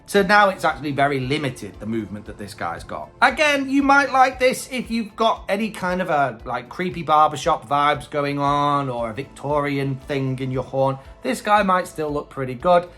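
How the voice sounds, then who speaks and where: A male host chats through a casual review with bright, animated delivery. He hedges his opinions freely, with faint music behind. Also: on the high side, normal speed, hardly any pauses. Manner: chatty, hesitant opinions.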